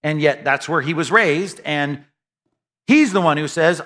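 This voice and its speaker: A man's voice: a little high, a little slow, fairly bright tone. A male pastor teaching an expository sermon in a conversational way, with many restarts and asides.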